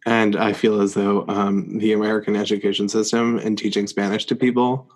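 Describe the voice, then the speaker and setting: A man co-hosting a podcast in relaxed, casual conversation. He rambles and leans on "like" over and over as he talks. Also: on the low side, a little fast. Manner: rambling, heavy on "like" fillers. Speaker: podcast co-host. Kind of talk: casual chat.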